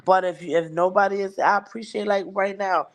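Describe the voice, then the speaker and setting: A woman's voice: medium pitch, steady tone, normal speed. A woman hosting a livestream, talking bluntly and emphatically and swearing heavily. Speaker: livestream host. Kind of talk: casual chat.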